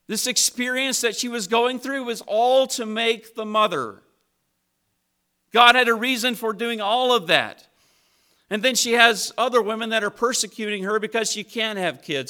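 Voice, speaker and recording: Male preacher, high and sharp-toned, emphatic sermon delivery. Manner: preaching with emphatic rises and drops.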